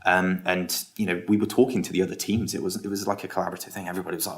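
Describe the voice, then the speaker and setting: A man's voice: low voice, fairly even intonation, rapid-fire. A man, an entrepreneur guest on a podcast, telling a long story in a casual, hesitant way full of ums and restarts.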